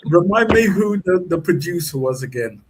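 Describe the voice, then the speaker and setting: A man's voice: on the high side, expressive, moderate pace, breathy edge. A man hosting a podcast interview, easygoing and checking facts with his guest. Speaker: podcast host. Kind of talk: casual interview chat.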